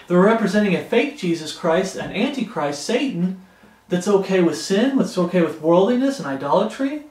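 High-voiced preacher man in an echoey room. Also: darkish tone. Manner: earnest, pleading preaching. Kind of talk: sermon.

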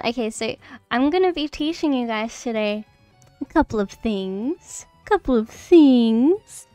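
A woman streamer giving a casual lesson on mushrooms, rambling and halting with many fillers and restarts, bubbly and playful. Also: on the high side, a little mellow, clean tone, no room sound. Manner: bubbly, repeats phrases playfully. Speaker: streamer teaching a mycology lesson. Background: faint background music.

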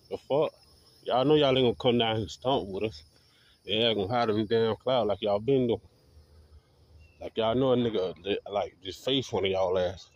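A man's voice: on the low side, normal speed. A man vlogging in a confrontational, repetitive rant full of swearing. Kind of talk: profane ranting monologue. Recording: dull lo-fi audio.

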